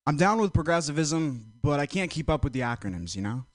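A man doing stand-up one-liners on a comedy club stage with a dry, deadpan delivery. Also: a little high, a little fast, no room sound. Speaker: stand-up comic.

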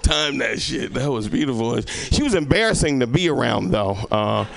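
A man's voice: medium pitch, animated, normal speed, gravelly. A male stand-up comedian doing a rambling, profane set and teasing the audience. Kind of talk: stand-up set with crowd work.

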